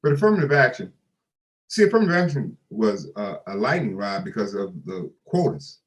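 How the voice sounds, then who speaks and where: Animated older man telling stories. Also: on the low side, a little fast, low-quality recording. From United States. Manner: animated storyteller who acts out quoted dialogue. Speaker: interview guest. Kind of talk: storytelling interview.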